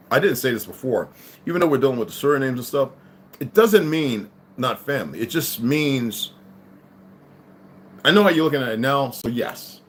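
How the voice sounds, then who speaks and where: Rambling, animated man livestreaming. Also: mid-range voice, slight background noise. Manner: rambling, animated, swings between muttering and loud outbursts. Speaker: livestream host reading and commenting. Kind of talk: casual livestream talk with reading aloud.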